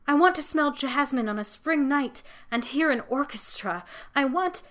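A woman voicing a tearful, hopeful young woman who longs to see the world, in a soft, wistful voice. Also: sits high, expressive, moderate pace, voice pushed up. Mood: longing. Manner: soft and wistful, rising with longing.

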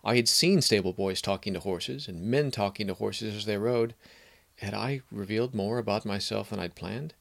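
A man narrating a fantasy story in a measured, even storytelling manner. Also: lowish voice, creaky.

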